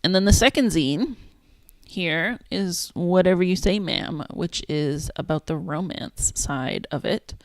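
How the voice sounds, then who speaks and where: A woman casually chatting on a livestream as she makes a zine, thinking out loud and trailing off mid-sentence. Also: on the low side, measured pace, no echo. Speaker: zine maker streaming her work. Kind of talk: casual livestream chat while working.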